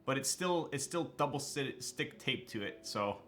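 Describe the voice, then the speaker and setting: A young man from Southern California chatting casually with viewers on a live stream, relaxed and slangy, full of fillers like "um" and "like", with light music playing behind him. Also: medium pitch, moderate pace. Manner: laid-back, slangy, with frequent fillers and laughs.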